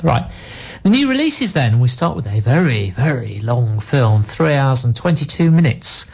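A man's voice: medium pitch, sing-song, normal speed, creaky, darkish tone, breathy edge. A man presenting local radio, giving short replies and dry quips. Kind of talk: radio chat.

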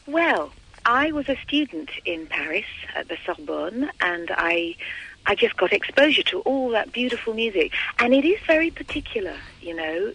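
A woman's voice: medium pitch, big pitch swings, moderate pace, fairly bright tone, slightly rough, rough recording. A woman singer giving a phone interview, speaking enthusiastically and effusively. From England. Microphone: telephone.

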